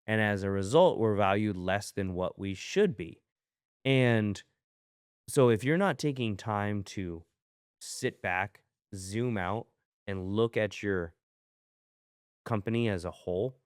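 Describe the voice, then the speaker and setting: A man's voice: lowish voice, smooth, no echo, studio quality. A man co-hosting a business podcast, talking casually and reflectively, coaching with rhetorical questions. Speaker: podcast co-host, clinic business owner.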